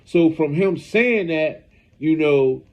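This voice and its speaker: A man's voice: a little high, lively intonation, slow, highs cut off. A man hosting a street news channel, talking casually and rambling, often asking "you know what I mean".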